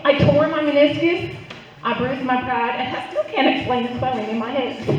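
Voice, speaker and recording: A middle-aged woman works a live crowd with a playful stand-up set. Her fairly high voice sits a little back from the mic, and the sound comes through dull. A strong, roomy echo surrounds everything she says. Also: far from the mic. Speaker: stand-up comedian. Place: club stage, live audience.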